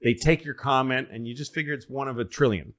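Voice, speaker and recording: A man's voice: mid-range voice, fast talker. A man co-hosting a podcast, telling stories in a loose, swearing chat and acting out the people in them. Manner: animated storyteller, acts out voices, swears freely. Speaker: podcast co-host. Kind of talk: casual storytelling chat.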